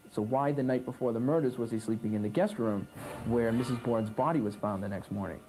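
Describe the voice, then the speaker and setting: A man's voice: mid-range voice, mellow, low-quality recording. A man interviewed for a documentary, raising questions and speculating.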